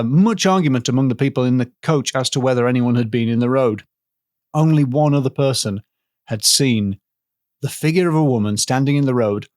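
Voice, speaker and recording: A man's voice: medium pitch, darkish tone, no echo, clean studio sound. Man spinning a playful ghost story. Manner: playful, with filler pauses. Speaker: podcast co-host and storyteller. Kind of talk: comedic storytelling.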